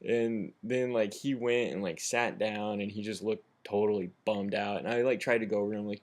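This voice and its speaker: Young man, American accent, slightly low voice, casual rambling story, self-filmed vlog. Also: normal speed, few pauses. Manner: rambling, animated retelling with many fillers. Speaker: vlogger. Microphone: camera mic, self-filmed.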